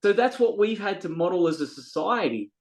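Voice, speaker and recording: A man's voice: high-pitched, very animated, fairly quick, rough recording. A man, a guest on a podcast, talking earnestly and from the heart in a casual, story-telling way, sometimes repeating words as he looks for them. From Australia. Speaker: podcast guest, men's coach.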